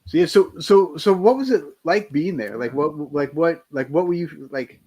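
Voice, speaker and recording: A man's voice: a little high, expressive, normal speed, dark tone, slightly rough. A man chatting casually, full of short enthusiastic reactions. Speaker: co-host. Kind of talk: casual chat.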